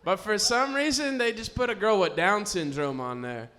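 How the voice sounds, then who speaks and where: A man's voice: high voice, moderate pace, sharp tone. A man doing a crude, rambling live stand-up set on a comedy stage, laughing at his own jokes.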